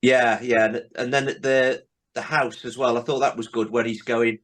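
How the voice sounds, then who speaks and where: A man's voice: mid-range voice, steady tone, fairly quick, a bit bright. A man hosting a podcast, chatting casually and retelling comedy scenes with many tag questions. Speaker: podcast host. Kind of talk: casual chat.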